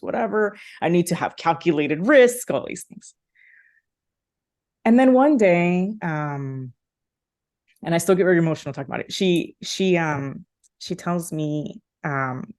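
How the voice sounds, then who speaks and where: A woman's voice: lowish voice, vocal fry, a little mellow. Heartfelt woman telling her story. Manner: heartfelt, many fillers and restarts. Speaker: podcast guest. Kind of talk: emotional personal storytelling.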